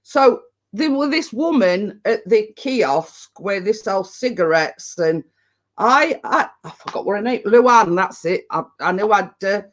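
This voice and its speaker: A woman hosts a casual chat from home. She tells rambling stories at an unhurried pace and laughs often. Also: medium pitch, animated. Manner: rambling anecdotal storytelling with frequent laughter. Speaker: host of a live chat stream. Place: at home indoors.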